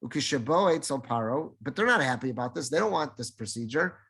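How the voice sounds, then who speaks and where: A middle-aged rabbi teaching a Torah class, reading Hebrew verses and explaining them in casual English, acting out the lines of the people in the story. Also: male voice, mid-range voice, lively intonation, quick pace, fairly bright tone, breathy edge.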